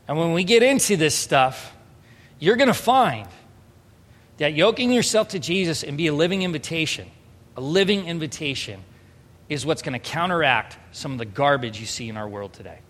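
A pastor in his thirties preaching an earnest, emphatic sermon, moving between soft storytelling and raised exhortation. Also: fairly high pitch, expressive, normal speed, pauses often. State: emotional, near tears. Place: church hall. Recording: reverberant hall.

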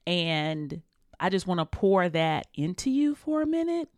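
A woman's voice: on the low side, sing-song, a little slow, darkish tone, no echo, clean studio sound. Earnest woman hosting a podcast. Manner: earnest, emotional, encouraging, conversational with slang. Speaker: podcast host. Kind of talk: heartfelt solo podcast talk.

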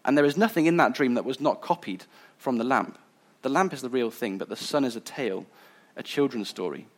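A man reading aloud as a scheming witch queen who coos softly and mockingly. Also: medium pitch, animated, lightly acted. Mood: coaxing. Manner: soft, slow, coaxing.

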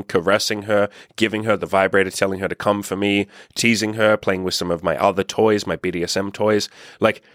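A man's voice: on the low side, a bit bright, dry recording, studio quality. A man talking as a dating coach, giving blunt, profane, emphatic advice straight to his viewers. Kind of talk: direct-to-camera advice monologue.

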